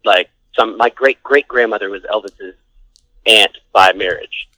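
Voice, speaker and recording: A man's voice: fairly low pitch, unhurried, pushed and bright, no echo, rough recording. A man, a band frontman and producer, chatting casually as a podcast guest, rambling with many fillers. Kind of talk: casual storytelling interview.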